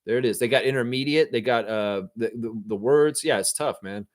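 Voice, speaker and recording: A man's voice: medium pitch, a little fast. Casual, swearing male stream host. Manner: loose, swears freely, reads viewer comments aloud. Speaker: host of a fan live stream. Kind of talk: casual live-stream chat.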